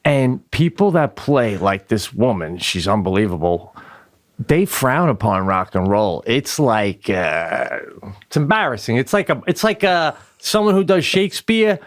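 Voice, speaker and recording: A man's voice: mid-range voice, sing-song, a little slow, dry recording, clean studio sound. A middle-aged man co-hosting a podcast, rambling in casual comedic chat, laughing often and swearing freely. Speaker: podcast co-host.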